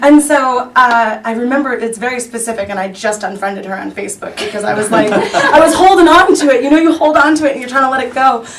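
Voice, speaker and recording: A woman's voice: fairly high pitch, fast talker, hardly any pauses. A woman on a discussion panel, telling stories and acting out what people said to her. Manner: animated storyteller, acts out quoted people. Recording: distant mic, light noise.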